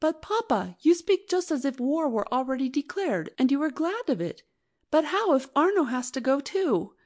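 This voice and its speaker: A woman's voice: high voice, very animated, normal speed, a little mellow, voice pushed up. A woman reading an audiobook, voicing a tender, fearful young wife who talks in an earnest, pleading way. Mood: anxious. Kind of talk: audiobook narration.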